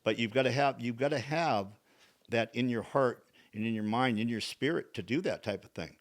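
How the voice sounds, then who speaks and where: A man's voice: mid-range voice, moderate pace. A man on a podcast talking in a folksy, preachy way, repeating his phrases. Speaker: podcast co-host. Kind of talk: casual chat.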